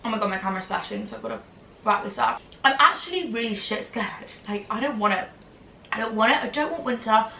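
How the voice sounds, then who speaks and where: A woman's voice: on the high side, fast, gravelly, pushed and bright, a little hiss or hum. A young woman with a slightly whiny voice, chatting casually to camera and rambling with lots of "like" fillers. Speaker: YouTuber. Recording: roomy, distant from the mic.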